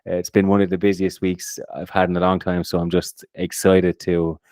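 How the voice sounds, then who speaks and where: Male podcast co-host, very low voice, upbeat, stumbling restarts, dry close recording. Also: little pitch movement, moderate pace, a little mellow, no echo. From Ireland. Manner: upbeat, repeats words when starting sentences. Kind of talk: casual chat.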